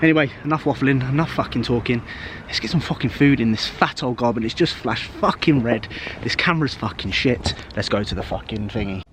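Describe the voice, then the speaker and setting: A young man rambling through a casual vlog into a handheld camera. His talk is loose, sweary and full of matey slang, pitched in an ordinary middle register with a faint hum of room noise behind him. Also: brisk. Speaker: bodybuilding vlogger.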